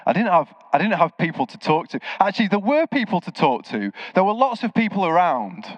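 With a high-pitched voice and a fairly quick pace, a man preaches a sermon built around stories. He brings them to life by performing the characters' quoted voices, captured in a slightly dull, dry recording.

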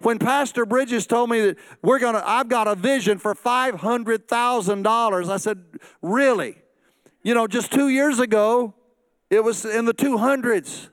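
A man's voice: very high-pitched, normal speed, a bit bright, smooth, no room sound. A middle-aged man preaching a sermon as pastor, acting out quoted voices and joking asides.

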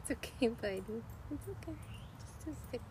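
Woman cooing at her pup, high lively voice, lots of praise, noisy outdoor recording. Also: normal speed. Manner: soft, coaxing pet talk with frequent praise. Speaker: podcast host. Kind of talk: casual talk to her dog. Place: outdoors in the rain, then indoors.

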